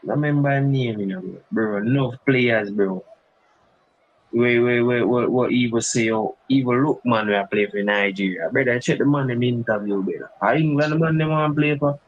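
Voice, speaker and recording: A man's voice: medium pitch, moderate pace, no echo, lo-fi sound. A young Jamaican man pressing his case in a heated football debate, dropping "bro" and "brother" constantly. His voice is dry and close, with no room sound. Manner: insistent, repeats "bro" and "brother". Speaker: football podcast co-host.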